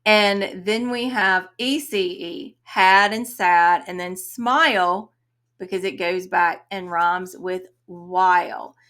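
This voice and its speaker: Slow, explanatory woman analyzing a poem. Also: lowish voice, bright, forceful tone. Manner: slow, explanatory, reads quotes aloud. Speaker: host of a poetry reading channel. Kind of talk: poetry reading and analysis.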